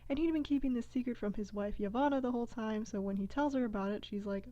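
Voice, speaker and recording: A woman's voice: a little high, quick pace, hardly any pauses, warm tone, dull audio. A woman casually retelling a fantasy epic with breezy, slangy humor, as the narrator of a comic video. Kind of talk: casual comedic story retelling.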